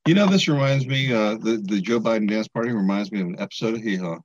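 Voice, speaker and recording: A man hosting a political talk show with joking, lively banter. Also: fairly low pitch, fast, soft background music. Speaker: podcast host. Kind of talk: casual political commentary. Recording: dry, slightly dull sound.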